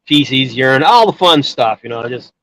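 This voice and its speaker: A man's voice: medium pitch, animated, moderate pace, fairly bright tone, slight background noise, low-quality recording. A man telling a long personal story in casual chat, rambling with many restarts and filler words. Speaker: guest storyteller.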